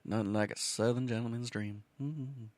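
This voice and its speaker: A man's voice: mid-range voice, steady tone, moderate pace, darkish tone, dry recording. A man from Wisconsin hosting a cooking show alone, talking in a casual, rambling monologue that is profane and jokey, with stammers and self-mocking asides.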